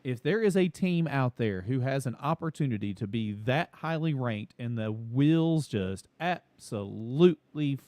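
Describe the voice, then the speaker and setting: A man's voice: mid-range voice, a little mellow, dry recording. A man co-hosting a casual college football talk show, folksy and drawn out when making a point.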